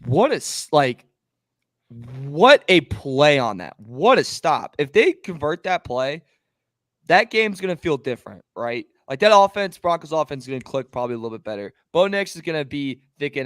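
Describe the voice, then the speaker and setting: A man co-hosting a sports podcast, talking in an excitable, emphatic way in casual chat. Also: a little high, moderate pace, dry recording, clean studio sound. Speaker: podcast co-host.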